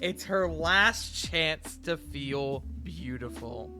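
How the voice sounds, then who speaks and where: A male streamer reads forum stories aloud in a casual, profane way. His voice is bright and animated, rising fairly high. Faint music plays in the background. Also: very slow. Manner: swears freely, reads posts aloud. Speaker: streamer host. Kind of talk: casual livestream chat and story reading.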